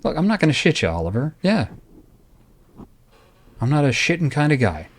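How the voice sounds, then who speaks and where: A man's voice: fairly high pitch, big pitch swings, normal speed, breathy edge, pitched above the performer's own voice. A man voicing a male vampire Archon in a tabletop game, talking bluntly and casually, with some swearing. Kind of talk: tabletop role-play.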